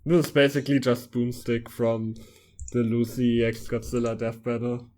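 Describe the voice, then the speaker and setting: A man riffing on a fanfic with friends in a deadpan, sarcastic way. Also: mid-range voice, normal speed. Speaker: co-host. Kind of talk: casual comedic riffing.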